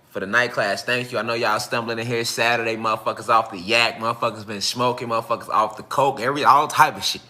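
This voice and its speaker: Bright-voiced man in loose slangy chat. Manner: loose, slangy, profane, repetitive; animated, jumps into high-pitched voices when quoting fans. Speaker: online spiritual teacher. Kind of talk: casual livestream monologue.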